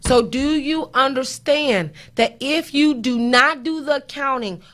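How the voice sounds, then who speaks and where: Emphatic high-voiced woman preaching finance. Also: measured pace, a bit bright. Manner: emphatic, preachy, repeats points, rhetorical questions. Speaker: host, accountant. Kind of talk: live-stream commentary.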